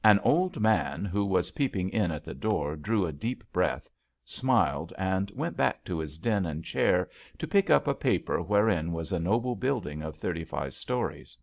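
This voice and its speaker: Man reading an old story aloud, slow and lively in pitch, gravelly voice. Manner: measured storytelling. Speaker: audiobook reader. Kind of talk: scripted audiobook narration. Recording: dull lo-fi recording.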